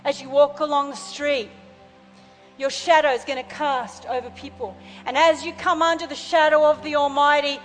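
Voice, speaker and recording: A woman's voice: high-pitched, steady tone, normal speed, long reverb tail, faint music behind, rough recording. A woman preaching a sermon with fervor, calling out to her congregation for responses. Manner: fervent, calls out to congregation. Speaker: pastor.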